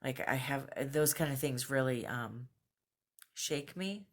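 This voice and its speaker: A woman records a casual video journal at home, speaking to camera in an unscripted way. She is earnest and reflective, with fillers and the odd soft laugh. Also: extremely low pitch, takes it slowly. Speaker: vlogger. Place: at home, just out of bed.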